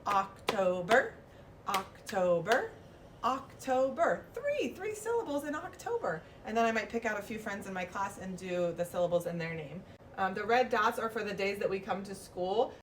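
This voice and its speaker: A woman's voice: mid-range voice, fairly quick. A woman who teaches preschool, explaining her classroom calendar routine and slipping into a sing-song teacher voice for demonstrations. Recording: distant mic, faint background noise.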